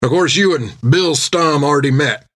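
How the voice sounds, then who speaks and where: A man voicing a commanding rough sea captain. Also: fairly high pitch, normal speed, fairly bright tone, pitched above the performer's own voice. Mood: gruff command. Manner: folksy rough sailor dialect. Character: burly gruff sailor captain, commanding.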